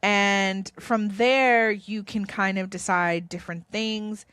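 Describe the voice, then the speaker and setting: Woman rambling about spirit stuff, earnest and comforting, mid pitch, dry close sound. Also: fairly even intonation, slow, fairly bright tone, clear, resonant tone, dry recording. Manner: earnest, reassuring, rambling with restarts. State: tearful. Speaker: spiritual vlogger. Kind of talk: casual spiritual talk to camera.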